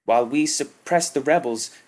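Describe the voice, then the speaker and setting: A man's voice: medium pitch, moderate pace, darkish tone, voice pushed up, natural voice. A man voicing a fearful male alien worker who stammers out his report. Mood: nervous.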